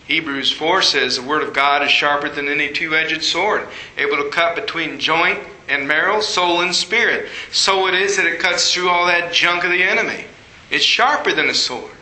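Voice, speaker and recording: Preaching a sermon, a man with a very bright, ringing voice a little high for a male tells stories from his own life. When he quotes his younger self, his pitch leaps up as he acts out his past. A noticeable room echo surrounds him.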